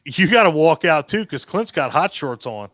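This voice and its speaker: A man's voice: a little high, sing-song, moderate pace, a bit bright, no room sound, clean studio sound. A man hosting a live online hangout, chatting casually in a joking, profane and rambling way. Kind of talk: casual chat.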